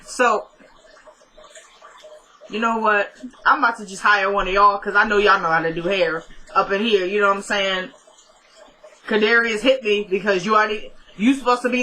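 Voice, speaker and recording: A young woman casually recapping a TV episode, telling it as an animated story and often laughing. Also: mid-range voice, normal speed, long pauses, rough recording.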